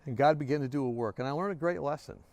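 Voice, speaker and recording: A man's voice: mid-range voice, racing, vocal fry, dry recording. Earnest man telling a devotional story. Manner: earnest, sinks to a hushed near-whisper. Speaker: devotional speaker.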